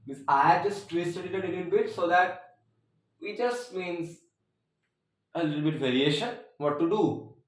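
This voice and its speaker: A man's voice: high-pitched, lively intonation, unhurried, long pauses. Echoey chatty man teaching math. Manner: chatty, joking asides, frequent "means" fillers. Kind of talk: casual math tutorial. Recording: very echoey room, mic at a distance.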